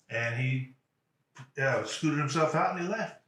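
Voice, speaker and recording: Male motivational speaker, mid pitch, conversational storytelling with restarts, echoey room. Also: expressive, sharp tone. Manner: halting, conversational, many restarts. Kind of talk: spoken personal story.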